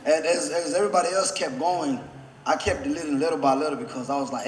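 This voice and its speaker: A man giving a best man's toast, choked up and holding back tears, halting with many fillers and restarts. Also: medium pitch. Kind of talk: wedding toast. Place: wedding reception hall. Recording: echoey reception hall with faint background noise.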